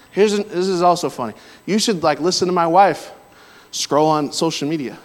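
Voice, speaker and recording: A man's voice: a little high, moderate pace. Man preaching in a reverberant hall. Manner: storytelling, swings to loud exclamations. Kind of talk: sermon with personal stories.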